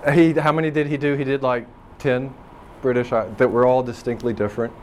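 A man's voice: mid-range voice, fairly even intonation, brisk, a little hiss or hum. A man teaching a linguistics class, explaining dialect differences in a loose, searching way with plenty of ums and restarts. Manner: rambling and thoughtful, with frequent ums and restarts. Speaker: language professor. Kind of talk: classroom lecture.

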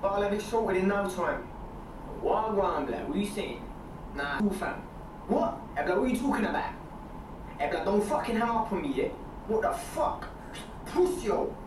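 A man's voice: high voice, sing-song, moderate pace, reverberant, distant mic, background noise, pitched above the performer's own voice. A man putting on the voice of a brash, swearing young man on the phone, in crude slang, heard from a video played through room speakers.

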